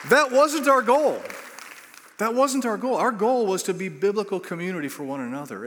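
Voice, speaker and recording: A male pastor preaching a sermon, telling a story and building to bursts of emphasis. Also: mid-range voice. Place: church sanctuary. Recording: long reverb of a church hall.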